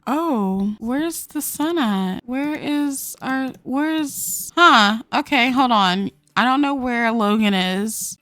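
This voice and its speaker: A woman narrating a life-sim game in casual commentary, chattering and putting on quick voices for the characters herself, with giggly asides. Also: high voice, no echo. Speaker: gameplay host. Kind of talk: casual let's-play commentary. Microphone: desk microphone.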